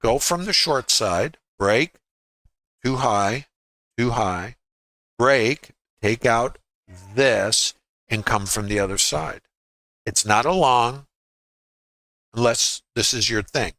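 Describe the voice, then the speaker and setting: A man's voice: mid-range voice, animated, pushed and bright, no room sound. A man teaching a trading lesson over his charts, firing rhetorical questions in short clipped phrases. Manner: rhetorical, quizzing the listener with quick questions. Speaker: trading educator. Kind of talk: screen-share trading lesson.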